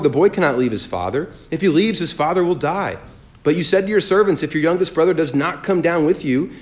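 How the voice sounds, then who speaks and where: A man leading a sermon as pastor, reading scripture aloud slowly and then preaching in a lively, joking way. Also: on the high side.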